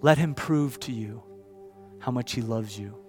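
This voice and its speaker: A man in his thirties preaching a sermon, with a storytelling delivery that swings from hushed to loud. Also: mid-range voice, measured pace, soft background music. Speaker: pastor.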